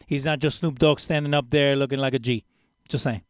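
A man co-hosting a casual wrestling podcast, speaking emphatically and getting more excited as he goes. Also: medium pitch, brisk, no echo.

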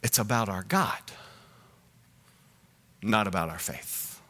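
A man preaching a sermon as pastor, swinging between loud emphatic lines and soft low asides, often asking the listeners direct questions. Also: slow. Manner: asks the audience direct questions.

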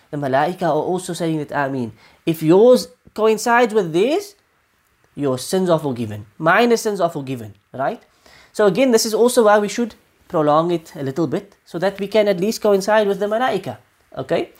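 A woman's voice: on the low side, darkish tone. A woman teaching an Islamic study lesson, repeating her points with emphasis and often checking in with "right?". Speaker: religious teacher.

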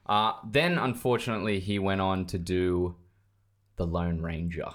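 A man's voice: low-pitched, steady tone, measured pace. A man hosting a casual film chat, steering the topic and reading facts aloud. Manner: leads the talk, reads facts aloud.

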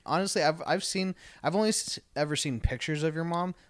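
A man's voice: on the high side, a little fast, no room sound. A man co-hosting a podcast who reacts to stories and chats casually, swearing freely. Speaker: podcast co-host.

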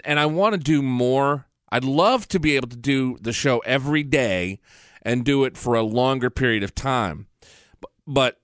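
A man's voice: medium pitch, a bit bright, no echo. A middle-aged man hosting his own podcast from a studio, talking in a blunt, profane, fired-up rant. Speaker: podcast host. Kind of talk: casual ranting monologue. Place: professional studio.

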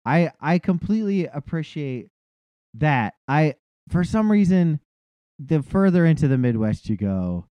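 A man in casual chat who swears a lot and tells rambling, animated stories. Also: on the high side, a little slow, smooth, no echo, muffled recording.

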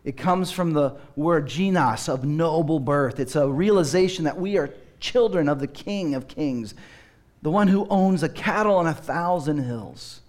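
A man's voice: on the high side, expressive, measured pace. A man preaching a sermon as pastor, telling stories with humor and acting out children's voices.

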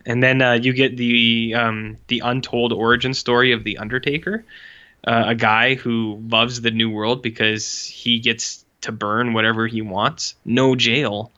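A man's voice: mid-range voice, steady tone, measured pace, bright, forceful tone, lo-fi sound. A man casually chatting as a podcast co-host, rambling and sarcastic with lots of "like". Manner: rambling, sarcastic, heavy use of "like". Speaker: podcast co-host reviewing short films. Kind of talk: casual chat.

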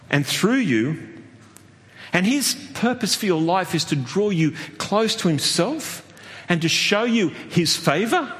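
Animated preacher man in a reverberant hall. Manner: animated preaching with sudden high exclamations and laughs. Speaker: pastor. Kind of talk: sermon.

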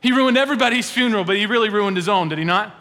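A man in his thirties, a pastor giving an emphatic sermon that sometimes swings up high and at other times falls to a hushed prayer, in a church sanctuary. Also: rapid-fire. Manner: emphatic, rising to animated peaks then dropping to a hushed prayer. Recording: long church hall reverb.

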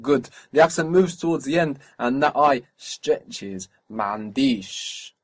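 A man's voice: a little high, a little slow, slightly rough. A man teaching a spoken language lesson, patiently asking for phrases, repeating each answer back and explaining pronunciation.

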